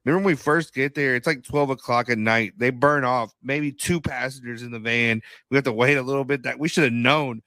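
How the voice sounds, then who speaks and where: A man in casual podcast chat, trading stories with a friend in a slangy, profane, animated way. His voice sits in a middle pitch and sounds close and dry, with no room around it. He slips into little impressions of the people in his stories. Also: fairly quick, few pauses, no echo. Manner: animated storyteller, acts out quotes, laughs often; slangy, swears. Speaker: podcast co-host.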